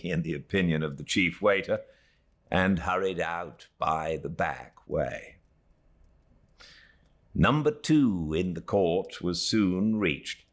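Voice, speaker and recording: Deep, slow British storyteller. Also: male voice. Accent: British English. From Britain. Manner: expressive storytelling. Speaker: audiobook narrator. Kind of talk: scripted narration of a classic novel. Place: home beside a fireplace.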